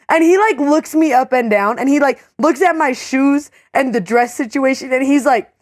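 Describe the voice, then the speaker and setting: Lively young woman telling a story. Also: a little fast, no room sound, clean studio sound. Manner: animated storyteller, many "like"s, acts out quotes in a higher voice. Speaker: co-host. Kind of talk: casual storytelling.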